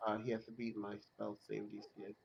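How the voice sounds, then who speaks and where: A man's voice: lowish voice, completely flat delivery, brisk, vocal fry, highs cut off. A man playing a tabletop role-playing game, speaking hesitantly with lots of fillers. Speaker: player. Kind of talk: casual tabletop game play.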